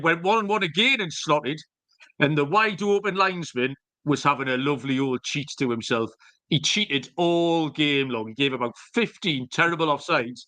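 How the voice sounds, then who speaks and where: A man's voice: on the high side, pushed and bright. A man co-hosting a podcast, telling jokey, rambling stories with the odd swear word. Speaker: podcast co-host. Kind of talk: casual chat.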